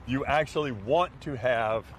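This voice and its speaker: A talkative man from New Orleans chatting on a podcast, his voice at an ordinary middle pitch. He explains his ideas at length, and clear background noise sits behind him. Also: a little slow. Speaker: podcast guest. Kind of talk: casual chat.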